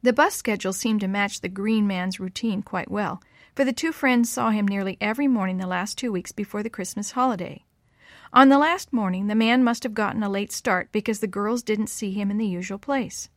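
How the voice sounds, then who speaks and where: A woman reading a Christmas story aloud to children, gentle and clear. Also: mid-range voice, brisk, dry recording, clean studio sound.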